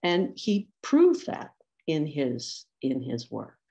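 Slow-paced woman giving an academic lecture. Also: sits low, big pitch swings, gravelly, warm tone. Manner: wry asides while quoting thinkers. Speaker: symposium speaker.

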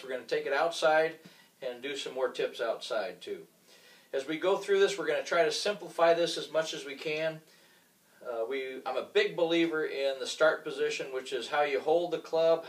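A man teaching golf, with a fairly high voice and a loose, joking manner as he acts out scenes while swinging. He is recorded indoors from a distance, so his voice sounds roomy and a little far away. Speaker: golf instructor. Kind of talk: instructional talk with demonstration.

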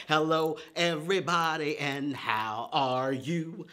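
A man's voice: on the high side, big pitch swings, slow, sharp tone. A man leading a preschool storytime lesson, playful and exaggerated, with gasps and whoops for young children.

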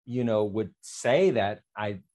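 A man giving a talk on fair housing, telling an animated teaching story in which he quotes both sides of a conversation and repeats phrases for emphasis. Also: fairly low pitch, slow pace.

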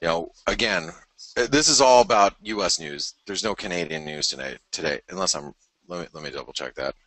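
A man's voice: low-pitched, a little fast, a bit bright, no room sound, poor audio. A male trading show host talking through market charts in a loose, rambling way with many fillers and restarts, tired and yawning early in the morning. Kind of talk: live market chart analysis.

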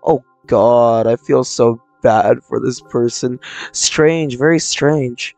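A young man giving casual commentary on a horror game, blurting out reactions and nervous laughs, close to a loud new mic. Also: medium pitch, slow, vocal fry, dry recording. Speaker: gaming channel creator. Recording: dry close mic, faint game music.

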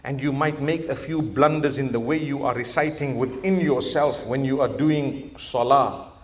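A man preaching to a live audience at a large event, swinging from emphatic calls to soft, gentle advice and asking the crowd questions. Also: mid-range voice, moderate pace. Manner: animated, rising to emphatic exhortation, then softening; asks the audience questions and jokes. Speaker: Islamic preacher.

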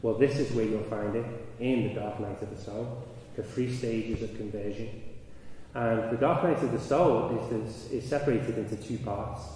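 A man speaking at a conference, his voice rising and growing loud as he tells a story. He is recorded from a distance in a large hall with a long, ringing echo. Steady noise sits under his voice. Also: lowish voice, moderate pace. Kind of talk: conference talk. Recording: echoey hall, mic from afar, noisy.

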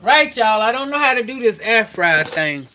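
A vlogger films herself at home and then out on the porch, chatting casually and animatedly straight to the camera for her viewers. Her voice is a little high, her pace normal, and there's slight background noise.

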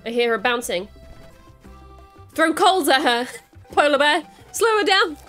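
A young woman giving excitable let's-play commentary, squealing, panicking and repeating herself as she plays. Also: sits high, unhurried, faint music behind. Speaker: gaming YouTuber.

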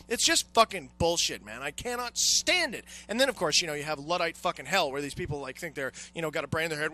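A man's voice: high-pitched, sing-song, a little fast, hardly any pauses, sharp tone. A young man hosting a radio show, ranting and swearing constantly and acting out the annoyed callers he complains about. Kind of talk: profane casual radio rant. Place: radio studio.

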